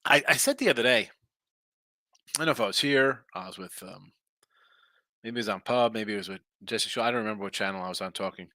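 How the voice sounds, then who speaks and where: A tired, yawning man hosts a sports betting podcast as a casual live stream, rambling through viewer messages and answering them. His voice sits lowish and runs a little fast, with frequent pauses and a sharp tone. The recording has no echo.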